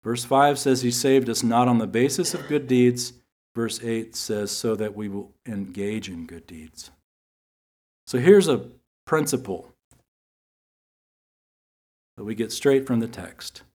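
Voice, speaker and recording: A man teaching from scripture in an earnest sermon style, reading verses slowly and repeating key phrases for emphasis. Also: medium pitch, darkish tone. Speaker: Bible teacher.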